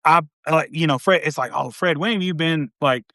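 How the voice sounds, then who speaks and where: A man telling jokes and service stories in a casual live-video chat, quick and chatty. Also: fairly high pitch, sharp tone, no room sound, studio quality. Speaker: military veteran guest.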